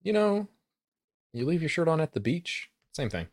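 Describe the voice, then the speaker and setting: A man's voice: on the high side, sing-song, moderate pace, no echo, clean studio sound. A man co-hosting a live stream, teasing his co-host and laughing often. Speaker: podcast co-host. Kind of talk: casual chat.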